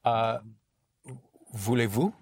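A man's voice: mid-range voice, expressive, slow, darkish tone, slightly rough, dry recording. A man taking part in a language lesson as a student, hesitantly searching for the right phrases.

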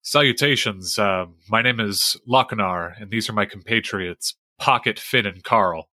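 A man's voice: fairly low pitch, measured pace, bright, forceful tone, no room sound, studio quality. A man playing a character in a tabletop game, speaking in a formal, old-fashioned way. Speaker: player. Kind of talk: in-character role-play.

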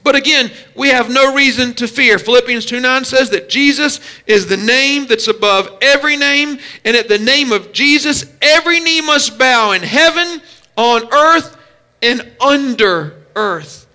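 A pastor delivering a sermon in a very high, bright and forceful voice. He talks in emphatic bursts, stretching key words and laying out numbered points for his listeners. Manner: emphatic preaching with numbered points and drawn-out stresses.

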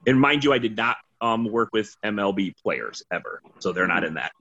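A man's voice: lowish voice, animated, brisk, sharp tone. A man telling rambling, profane stories as a podcast guest, over a dull lo-fi recording. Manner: rambling, swearing, laughing storyteller. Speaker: podcast guest, former team DJ. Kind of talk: casual storytelling. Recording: dull lo-fi sound.

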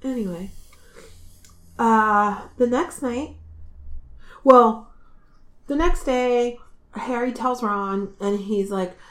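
A woman's voice: fairly high pitch, very slow, long pauses, fairly bright tone. A woman co-hosting a casual book discussion, retelling the story with emotion and playful voiced asides. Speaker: podcast co-host.

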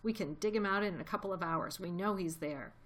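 A woman voicing a gruff, greedy male farmer in a storybook reading. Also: fairly low pitch, fairly quick, close to an everyday voice. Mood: eager.

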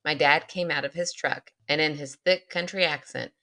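In a casual chat, a woman co-hosting a podcast reads a listener's spooky story aloud, laughing often and slowing down for dramatic pauses. Her voice is low-pitched with a sharp tone.

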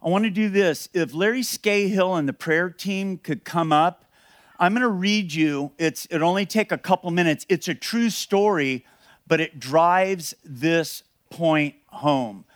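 A man's voice: high-pitched, unhurried, no room sound, studio quality. A man preaching a sermon as pastor, earnest and emphatic, repeating key phrases and restarting sentences.

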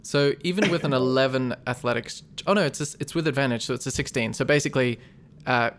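A man's voice: medium pitch, fast talker, a little hiss or hum. Man running a tabletop game. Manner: explains rules patiently, narrates with relish. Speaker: game master.

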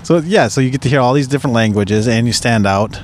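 A man's voice: mid-range voice, quick pace. A Mohawk man hosting a casual podcast interview, laid-back and laughing often as he asks questions. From Mohawk community. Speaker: podcast host. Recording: noisy background.

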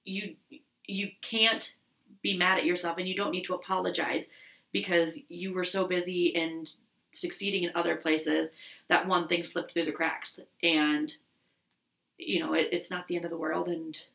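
Woman co-host, earnest and reflective, bright gravelly low voice. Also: level tone, moderate pace, rough recording. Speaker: podcast co-host. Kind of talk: casual chat.

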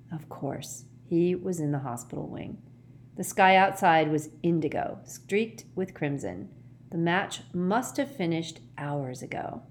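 A woman reads a storybook aloud in a fairly low voice. Her reading is dramatic, with wide, lively swings of pitch. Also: slight background noise. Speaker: audiobook reader. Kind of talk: storybook narration.

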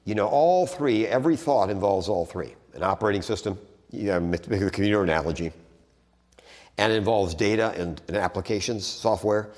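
A man giving a conversational theology lecture, restarting phrases and stressing points with sudden animated rises. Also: fairly low pitch. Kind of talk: teaching talk on theology. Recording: long hall reverb.

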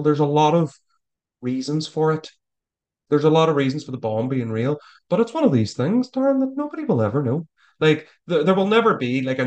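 A man talking as a guest in a casual interview, rambling with frequent stammered restarts. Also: mid-range voice. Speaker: author guest.

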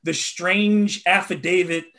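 A man co-hosting a casual sports talk show, chatting in an animated way. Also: high voice, takes it slowly. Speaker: podcast co-host.

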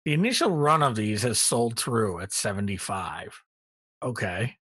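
A middle-aged man co-hosting a casual hobby podcast, relaxed and rambling with many ums, a little tired. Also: on the low side, a little slow, husky, no room sound. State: tired, yawning. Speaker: podcast co-host. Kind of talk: casual hobby news chat.

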